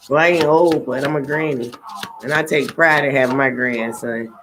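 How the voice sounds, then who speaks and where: A woman's voice: a bass voice, normal speed, background noise. Blunt, profane middle-aged woman. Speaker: tarot reader. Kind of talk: casual livestream talk.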